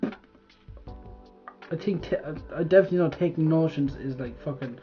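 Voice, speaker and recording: This young vlogger from Ireland speaks on the high side and a little slowly while doing a quiz. It's casual chat, rambling and full of swearing, with thoughts left hanging. The audio is dull, and soft music plays underneath.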